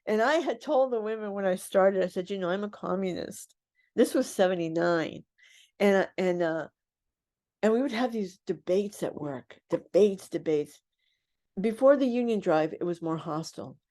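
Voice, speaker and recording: An older woman who is a guest on a radio interview, recounting her past in an animated way and acting out the voices of people she quotes. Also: mid-range voice, normal speed. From United States.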